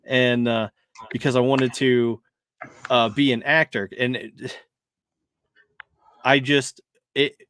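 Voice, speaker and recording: A man's voice: medium pitch, flat delivery, slow, long pauses, a bit bright, smooth, no room sound. A man chatting casually from his desk, taking his time with every sentence and wandering through fillers and restarts. His voice sits mid-range and sounds close and dry, and he laughs easily between thoughts. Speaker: podcast co-host. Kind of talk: casual chat.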